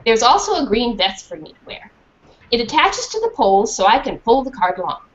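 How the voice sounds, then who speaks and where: A children's author with a fairly high, fairly quick voice reads a storybook aloud in a school classroom, animatedly posing questions to the class. The recording is dull and lo-fi, with a little hiss or hum.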